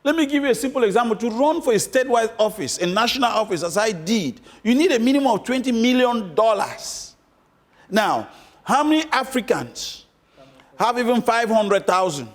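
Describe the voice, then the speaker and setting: A man giving interview answers about politics, emphatic, repeating his points for stress. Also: very high voice. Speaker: interview guest, former candidate.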